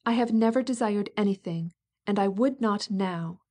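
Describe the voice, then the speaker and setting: A woman's voice: mid-range voice, normal speed, dark tone, lightly acted. A woman voicing a proud, resentful princess who speaks sharply and feels wronged. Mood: bitter, indignant. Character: proud bitter princess, middle-aged woman.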